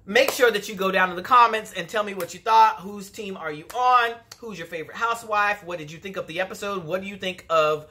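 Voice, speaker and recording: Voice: mid-range voice, a little fast, hardly any pauses, sharp tone. A vlogger giving a casual, gossipy episode recap, chatty and opinionated, full of "you know" and "like". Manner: sassy and opinionated.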